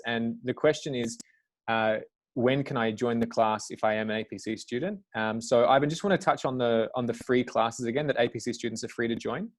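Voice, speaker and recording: A man hosts a live online webinar, reading out viewer questions and running polls. He speaks in an upbeat, chatty moderator's way, with frequent fillers, over a video call. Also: medium pitch. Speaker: webinar host.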